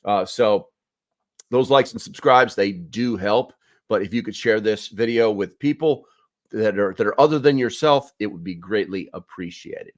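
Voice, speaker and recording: A man's voice: lowish voice, normal speed, dry recording, studio quality. A man hosting a prepper channel, rambling through the news with sarcastic asides and lots of filler words. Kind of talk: casual news commentary.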